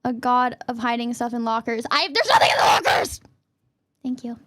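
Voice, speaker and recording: A young adult woman streaming as a VTuber, chatting casually and playfully with her chat in quick jokey asides. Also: on the high side, animated, fairly bright tone.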